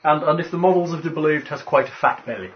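A man's voice: on the high side, very fast, dull audio, a little hiss or hum. A man running a tabletop game as game master, joking and teasing his players and laughing often. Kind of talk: casual tabletop game chat.

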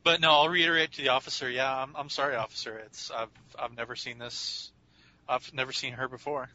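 A man's voice: mid-range voice, steady tone, fairly quick, pushed and bright, muffled recording. A man voicing a polite, apologetic young man who has recently moved to the area. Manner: apologetic, courteous. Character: polite young man new to town, male.

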